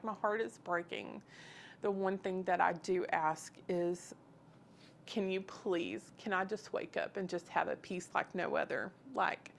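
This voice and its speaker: A woman's voice: fairly low pitch, creaky, fairly bright tone, slight background noise. A woman telling her personal faith story in an earnest, emotional, conversational way. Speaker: guest sharing her testimony.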